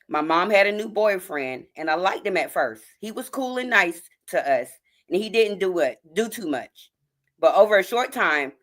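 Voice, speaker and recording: A woman hosting a livestream, reading a post aloud haltingly with frequent throat clearing and restarts. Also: on the low side. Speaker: livestream host.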